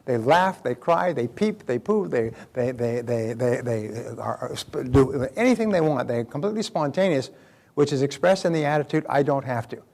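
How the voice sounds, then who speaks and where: Older man, motivational speaker, lecture, anecdotal, emphatic repetition, medium pitch. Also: expressive, moderate pace, creaky, darkish tone. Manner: anecdotal storytelling with acted-out quotes.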